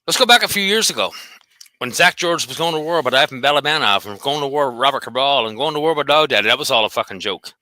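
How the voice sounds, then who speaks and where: Fast, fired-up ranting man. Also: medium pitch, expressive, pushed and bright, no room sound. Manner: profane, combative, taunting. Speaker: host of a dog behavior channel. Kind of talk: angry solo rant.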